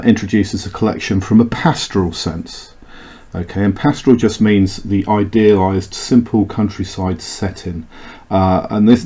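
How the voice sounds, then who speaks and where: A male English teacher talks his class through a poem in a recorded lesson, with a fairly low voice. He pauses often on "uh" fillers and restarts his sentences as he explains. The sound is dull and lo-fi. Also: dark tone. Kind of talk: recorded lecture.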